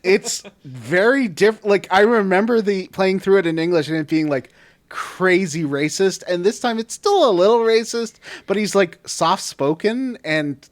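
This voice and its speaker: A man's voice: sits high, a little slow. A man co-hosting a casual gaming podcast, rambling with lots of "like" and restarts. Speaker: podcast co-host.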